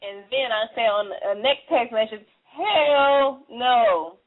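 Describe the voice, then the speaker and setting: A woman's voice: on the high side, fairly even intonation, normal speed. A woman hosting a radio talk show, chatting casually, laughing often and acting out what people said. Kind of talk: casual chat. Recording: phone-like lo-fi audio.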